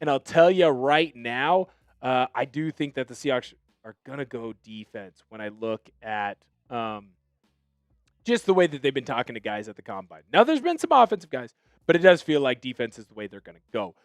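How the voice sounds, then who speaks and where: A young man hosting a live sports show, hyped and energetic, shouting out viewers by name. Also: mid-range voice, normal speed, no room sound, studio quality. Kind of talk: live-stream sports chat.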